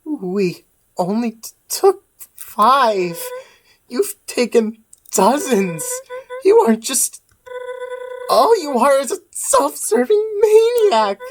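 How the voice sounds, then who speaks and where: A woman's voice: high voice, sing-song, slow, a little hiss or hum, pitched above the performer's own voice, full character voice, rough recording. A woman voicing a desperate bird guard. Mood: bitter. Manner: accusing, then crying out for help. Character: frightened female bird guard, pleading.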